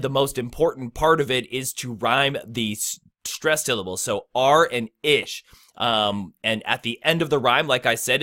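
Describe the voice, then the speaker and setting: Bright-toned male tutor, loose conversational delivery, breaks rhymes into syllables. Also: medium pitch. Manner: breaks words into syllables, chants rhythms; loose and conversational, many fillers. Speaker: rap tutorial host. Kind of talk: casual instructional talk.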